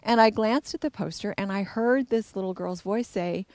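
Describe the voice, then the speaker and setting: A woman's voice: medium pitch, normal speed, darkish tone, dry recording. Middle-aged woman, frank and reflective storyteller, dry close recording. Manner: candid, reflective. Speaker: intuitive, psychic. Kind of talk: personal storytelling.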